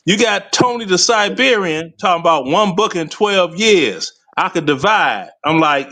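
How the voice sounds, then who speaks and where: A man's voice: high voice, animated, measured pace, few pauses, sharp tone. A man co-hosting a casual livestream, slangy and joking, laughing at his own lines.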